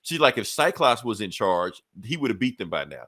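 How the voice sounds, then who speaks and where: A man co-hosting a podcast who casually recaps a comic story, swearing often and slipping into quick voices for the characters. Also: lowish voice, sing-song, a bit bright. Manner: profane, laughing retelling with quick character asides. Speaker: podcast co-host.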